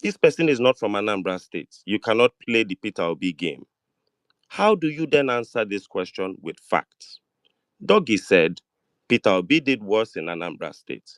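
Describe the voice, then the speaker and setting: A man's voice: fairly low pitch, big pitch swings, normal speed, dry recording, studio quality. Insistent Nigerian man pressing questions. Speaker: debate participant. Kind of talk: heated online debate.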